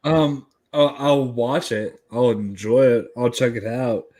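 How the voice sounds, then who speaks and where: A man's voice: medium pitch, slow pace, darkish tone. A man in a casual podcast discussion, blunt and opinionated, swearing casually. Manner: blunt, offers hot takes, swears casually.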